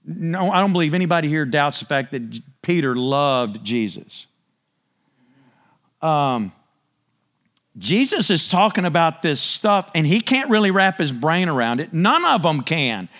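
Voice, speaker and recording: A man giving a conversational Bible-teaching sermon, animated and storytelling, swinging his voice up and down as he acts out the scene. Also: fairly high pitch, a little slow.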